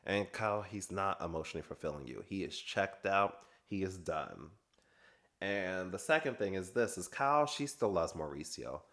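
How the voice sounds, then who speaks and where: A low-voiced man with a drawl recaps reality TV in a loose, gossipy way. He chats like he's talking to friends and laughs often between his takes. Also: expressive, moderate pace, fairly bright tone. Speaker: recap vlogger.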